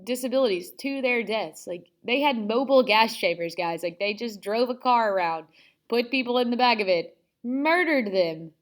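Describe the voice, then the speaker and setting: A woman's voice: fairly high pitch, expressive, moderate pace. A woman teaching a history lesson in a chatty, casual way, full of sarcastic asides. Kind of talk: casual classroom lecture.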